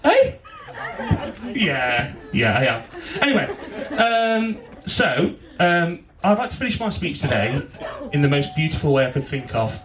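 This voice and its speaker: A young man gives a wedding toast into a handheld microphone, teasing and joking between lines before reading out a rhyming poem. His voice sits fairly high and swings widely in pitch. The guests at the reception can be heard laughing throughout. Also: sing-song, measured pace, low-quality recording. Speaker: best man giving a wedding speech. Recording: wedding video with crowd noise. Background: crowd of guests laughing.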